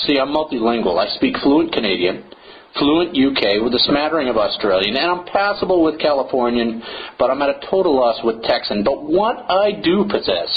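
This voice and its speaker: A man's voice: mid-range voice, lively intonation, fairly quick. A man hosting a running podcast on his own, talking in a playful, theatrical and wordy way, from New England in the United States. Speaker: podcast host. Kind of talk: solo podcast monologue. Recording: slightly dull, faint hiss.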